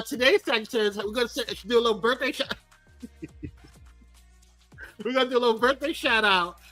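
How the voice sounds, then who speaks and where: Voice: medium pitch, pushed and bright. A host of a live show, chatting casually in a sassy, teasing, playful way, calling people girl and baby and trading jokes with the crew. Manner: chatty with frequent laughs and restarts.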